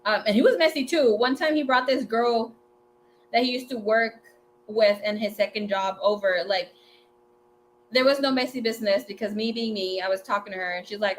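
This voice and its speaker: A woman in her twenties hosting a tarot livestream, telling a story in a chatty, animated way, swearing freely and mixing in Spanish words. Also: fairly high pitch, moderate pace, slight background noise. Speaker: tarot reader and livestream host. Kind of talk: casual storytelling chat.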